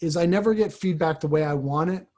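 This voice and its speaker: Reflective man, slightly high voice, halting. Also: warm tone. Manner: reflective, halting, frequent restarts. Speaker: priest. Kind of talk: casual conversation.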